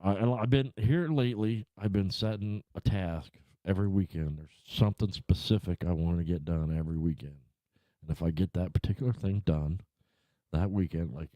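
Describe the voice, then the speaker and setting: Deep-voiced man ranting, swearing freely. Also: mellow, dry recording. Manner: profane, rambling, worked-up ranting. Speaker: livestream host. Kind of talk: casual rant and chat to viewers. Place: home room.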